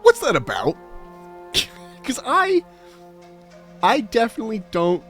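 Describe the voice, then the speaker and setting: A man's voice: high-pitched, wildly swooping pitch, slow, fairly bright tone, soft background music. A man streaming live and chatting casually with viewers, rambling with lots of restarts and fillers. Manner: rambling, full of restarts and filler, laughs often. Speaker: game streamer.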